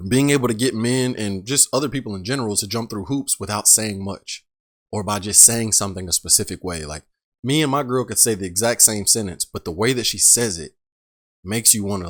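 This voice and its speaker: A man's voice: on the low side, brisk, a bit bright. A man hosting a reaction show, giving blunt commentary full of rhetorical questions. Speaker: reaction host. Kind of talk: casual commentary on a clip.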